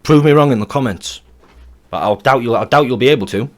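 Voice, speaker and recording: A man talks over clips in a blunt, heated reaction rant at an ordinary middle pitch. He swears freely and circles back over the same points, his voice rising as he gets angrier. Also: a little fast. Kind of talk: ranting reaction commentary.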